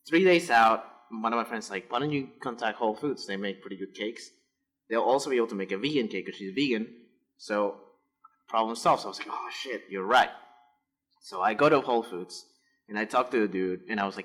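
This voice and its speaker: A man's voice: medium pitch, a little fast, breathy edge. A man in a casual podcast chat, telling a story with lots of swearing and getting worked up. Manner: profane, animated, gets worked up. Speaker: podcast host.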